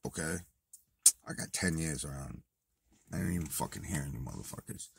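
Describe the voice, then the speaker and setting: A man casually telling a profane story to camera, swinging from low muttering to loud outbursts. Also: brisk, creaky, husky. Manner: profane, animated retelling, swings from muttered to shouted. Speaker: vlogger.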